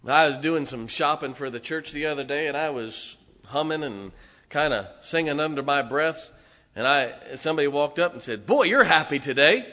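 A man, preaching emphatically as a pastor and now and then singing slowly. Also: fairly high pitch, pushed and bright. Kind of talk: sermon. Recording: reverberant church hall.

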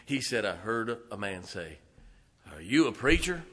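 A man, preaching emphatically as a pastor and now and then singing slowly. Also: lowish voice, lively intonation, fairly bright tone. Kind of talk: sermon. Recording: reverberant church hall.

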